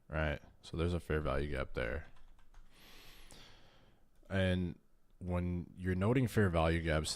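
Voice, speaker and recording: A man with a bass voice hosts a casual trading livestream, cursing and speaking loosely as he stumbles through his charts. He sounds tired and short on caffeine, and the recording is dry.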